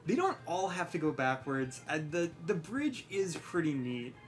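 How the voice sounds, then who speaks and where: Young woman, gaming commentator, low voice, very animated pitch, faint game music behind. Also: unhurried. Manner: chatty, rambling, self-mocking, yelps at the game. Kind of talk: casual let's-play commentary.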